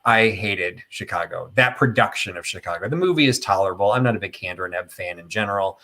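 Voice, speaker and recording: A man's voice: low voice, fast, sharp tone. A middle-aged man hosting a casual live chat, telling a rambling, opinionated story full of fillers and tangents. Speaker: host of a live chat stream.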